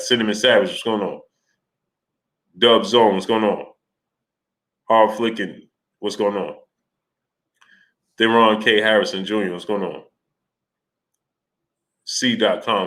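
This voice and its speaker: A man's voice: on the low side, fairly bright tone. A man hosting a casual sports livestream, greeting viewers in the chat by name and ranting in a loose conversational way. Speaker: livestream host.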